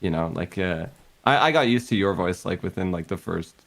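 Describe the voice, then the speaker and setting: A man with a fairly low voice chats casually with a friend on a stream. He rambles and pauses a lot, filling gaps with "like" and "uh". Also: lively intonation. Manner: warm, rambling and full of fillers. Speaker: guest streamer. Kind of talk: casual chat.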